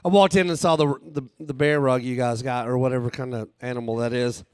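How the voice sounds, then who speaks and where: A man's voice: medium pitch, fairly even intonation, fairly quick, clear, resonant tone, no room sound. A man doing a rambling, crude stand-up set on a live stage, laughing at his own jokes. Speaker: stand-up comedian and author.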